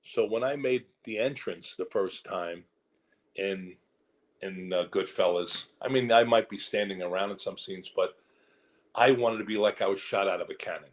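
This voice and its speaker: Man with a low voice, an actor guest, animated anecdotes, rambling asides, quick impressions of others. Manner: animated storyteller who slips into quoted voices. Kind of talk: candid career interview.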